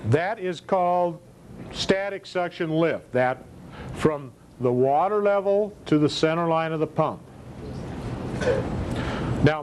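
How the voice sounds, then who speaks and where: A man gives a classroom lecture in a plain, explanatory way, pausing now and then to check that his listeners follow. His voice sits a little high for a man, and there is a steady, clearly audible noise behind him. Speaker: instructor.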